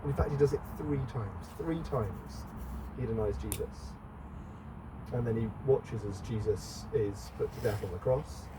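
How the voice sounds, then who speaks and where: A man's voice: lowish voice, unhurried. A middle-aged man, preaching a conversational sermon in a church and chatting with the congregation. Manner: chatty, asks the congregation questions. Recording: distant mic, faint background noise.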